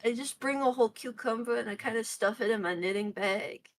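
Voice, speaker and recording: Giggly high-voiced woman from Michigan. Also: brisk. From Michigan, USA. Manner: silly, animated, laughs often, swears. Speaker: guest on a stream. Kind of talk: casual stream chat.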